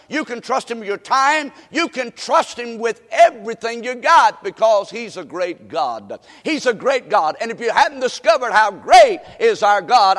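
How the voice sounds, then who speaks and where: High-voiced preacher in a reverberant hall. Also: male voice, fairly bright tone. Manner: rhythmic preaching with repetition and rising exhortation. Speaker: pastor. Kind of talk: sermon. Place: church sanctuary.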